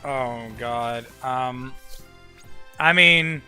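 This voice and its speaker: A man's voice: medium pitch, extremely slow, pushed and bright, faint music behind. A young man casually commenting while streaming a game, loose and profane, rambling with lots of filler words.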